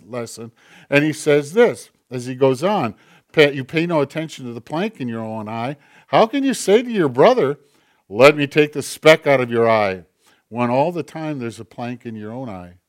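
A man preaching a sermon in a conversational way, acting out quoted voices as he goes. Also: mid-range voice. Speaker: pastor.

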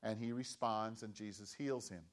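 A man's voice: fairly low pitch, steady tone, moderate pace. A man preaching a sermon in a conversational way, with restarts and emphatic, repeated questions. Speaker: pastor.

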